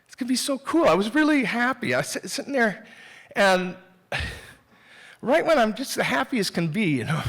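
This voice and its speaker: A man with a fairly high voice tells a personal story before a live theater audience. He is candid and self-mocking, speaking in a loose, conversational way that doubles back and restarts. The telling feels unscripted and personal. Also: very animated, normal speed, long pauses, fairly bright tone.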